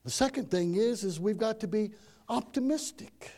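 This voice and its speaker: A man's voice: high-pitched, normal speed, warm tone. A man preaching a sermon, folksy and emphatic, repeating himself and often saying "man". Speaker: pastor.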